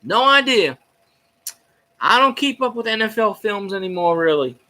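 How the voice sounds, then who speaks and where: Guy rambling on his stream, swears a lot, kinda high voice, jokey. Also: sing-song, normal speed, pushed and bright. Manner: rowdy, profane, jokey fan ranting. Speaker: sports fan streamer. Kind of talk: casual rambling livestream chat.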